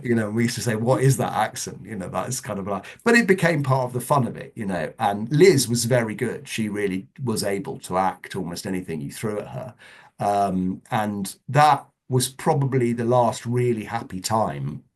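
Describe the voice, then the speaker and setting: A middle-aged man, a guest in a casual interview, telling anecdotes in a chatty way with lively asides. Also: lowish voice, normal speed. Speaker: interview guest, former children's TV producer.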